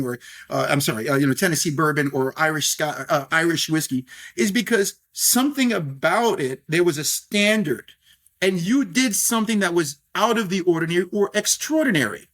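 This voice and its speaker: Middle-aged man from New York, slightly high voice, animated, talks in starts and restarts; guest on a podcast. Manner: animated, many fillers and restarts. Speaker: guest, scotch brand owner. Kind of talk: podcast interview.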